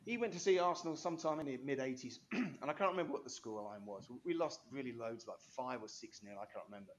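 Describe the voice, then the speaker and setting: A man's voice: medium pitch, fast, slight background noise. A man, an interview guest telling rambling, enthusiastic stories full of restarts and asides. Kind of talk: animated storytelling interview.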